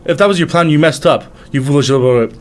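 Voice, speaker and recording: A man's voice: fairly high pitch, quick pace, close to an everyday voice. A man voicing an arrogant, haughty male first prince with a sneering, contemptuous manner.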